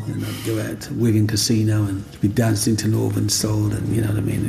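Gravelly man telling stories. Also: on the low side, completely flat delivery, a little fast, hardly any pauses, music in the background. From English Black Country. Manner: rambling, repeats himself, often says "you know what I mean". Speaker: interviewee. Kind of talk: reminiscing storytelling.

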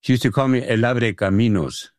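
A man's voice: mid-range voice, a little mellow, dry recording, studio quality. Reflective older male playwright. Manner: reflective, measured, with halting restarts. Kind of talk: reflective interview answers.

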